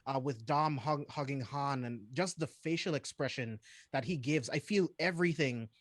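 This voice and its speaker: A man's voice: mid-range voice, normal speed, no room sound. A man as a guest on a film podcast, talking enthusiastically and rambling a little. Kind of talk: casual podcast chat.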